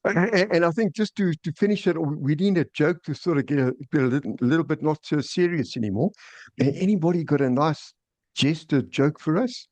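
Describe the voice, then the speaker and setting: A man hosts an online meeting and presents an agenda item, speaking briskly in a fairly high, slightly mellow voice. He keeps repeating words and stammering into restarts, and the video-call audio is dry.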